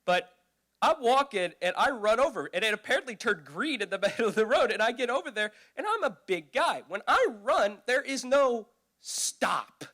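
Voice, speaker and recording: Young man, stand-up comic, high lively voice, bright, storytelling. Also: fairly quick. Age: young adult. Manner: animated storytelling, jumps to high squeaky voices for quoted people. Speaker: stand-up comedian. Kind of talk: stand-up comedy routine. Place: youth event stage.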